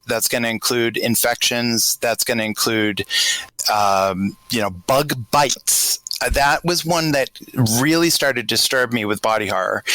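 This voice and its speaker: A man's voice: on the high side, no echo, poor audio. A man with a Boston accent talking in a casual group chat, musing aloud in a thoughtful way. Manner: grows animated telling a scenario. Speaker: podcast panelist.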